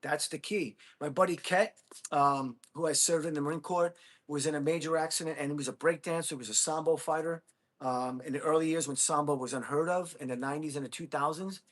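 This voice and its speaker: A man's voice: a little high, fairly even intonation, a little fast. A man in his fifties hosting a casual livestream, rambling in a friendly way and talking straight to viewers. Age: 50s. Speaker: livestream host.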